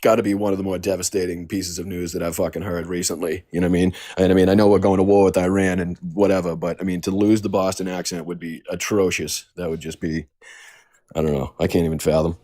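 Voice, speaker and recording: A man's voice: deep voice, little pitch movement, quick pace, dark tone, no room sound, studio quality. A man on a live stream chatting casually and wryly, swearing offhandedly. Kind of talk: casual political chat.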